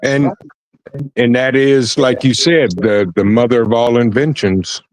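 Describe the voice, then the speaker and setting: A man talks slowly and evenly as a co-host on a casual live stream. He mostly gives brief agreeing replies and sometimes adds a point of his own. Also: mid-range voice, fairly even intonation, low-quality recording. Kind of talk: casual livestream chat.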